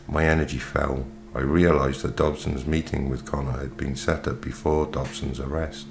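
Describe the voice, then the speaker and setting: A man narrating an audiobook in the first person, with a steady, measured reading. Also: very deep voice, a little hiss or hum. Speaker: audiobook reader. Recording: reading over faint background music.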